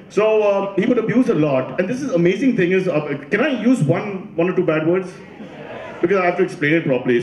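A man performs stand-up and keeps quizzing and teasing his audience. His voice sits a bit high, and the sound carries a strong room echo. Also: a little mellow. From India. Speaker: comedian. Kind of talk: stand-up comedy.

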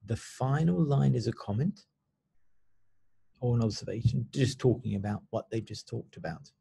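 Male teacher for a kids' video lesson: gravelly, husky, slow and patient. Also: mid-range voice, mellow. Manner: slow, patient, explaining step by step. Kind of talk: recorded online lesson for children.

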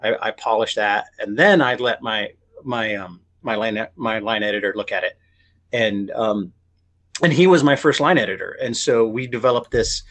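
A man's voice: lowish voice, moderate pace, fairly bright tone. A male writer being interviewed, talking in a rambling way full of restarts and self-corrections, and acting out other people's words in quoted voices. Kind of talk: casual interview chat.

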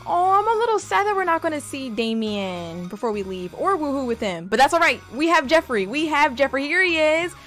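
A young woman giving casual, slangy gameplay commentary, talking straight to her game character and breaking into excited exclamations. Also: high voice, fairly quick, few pauses, faint music behind. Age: young adult. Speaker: gaming video host.

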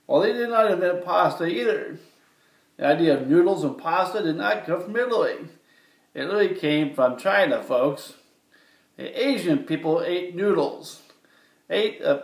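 A man from the American Midwest with a Midwestern accent, rambling chattily to viewers in a casual vlog monologue. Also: on the high side. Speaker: vlogger. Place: indoor room with lights. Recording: roomy echo, from far off, faint ambience.

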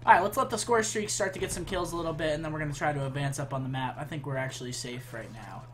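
A young man giving live commentary on his own shooter match, hyped and trash-talking, moving from calm play-by-play to loud outbursts. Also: a little high, fast, background noise. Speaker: gaming YouTuber.

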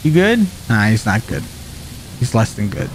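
A young man playing a video game live, chatting and joking with his viewers and reacting loudly to what happens on screen. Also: lowish voice, sing-song, moderate pace, a little hiss or hum. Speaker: streamer. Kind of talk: let's play commentary.

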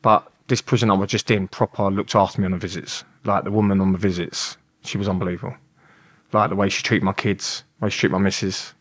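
A man's voice: deep voice, level tone, fast, husky. A young man with a London accent, telling a rambling story as an interview guest, swearing and laughing as he talks. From England.

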